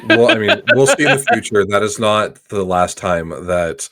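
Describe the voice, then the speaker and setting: A man's voice: fairly low pitch, sing-song, normal speed, a bit bright. A man co-hosting a podcast in casual chat, chuckling as he makes his points. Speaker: podcast co-host.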